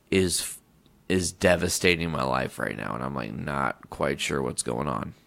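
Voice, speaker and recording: A low-voiced man with a gravelly, fry-heavy tone, spinning a casual podcast story. He swears freely and keeps cutting himself off to restart his sentences, so it wanders in a loose, unpolished way. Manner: rambling, profane, self-interrupting. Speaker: podcast host.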